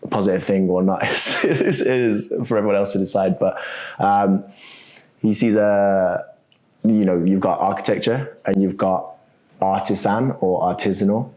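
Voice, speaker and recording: A man's voice: low voice, moderate pace. A man being interviewed as a guest, talking casually and thinking aloud, often ending points with "right?". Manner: relaxed, thinks aloud with many ums and "right?" tags. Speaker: guest, co-founder of a web3 architecture startup.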